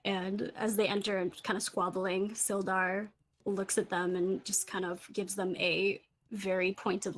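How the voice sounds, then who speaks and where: A woman running a tabletop game, narrating in a loose, casual way. She laughs often and fills pauses with "uh.". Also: medium pitch. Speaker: game master.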